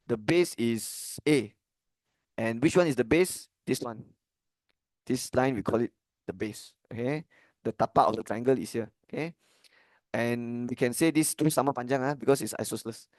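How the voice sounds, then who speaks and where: A man's voice: mid-range voice, moderate pace, darkish tone, no echo. A man with a Malaysian English accent, a maths tutor working through an exam paper in a casual way, often checking "okay?" and slipping into Malay phrases. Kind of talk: exam-paper walkthrough lesson.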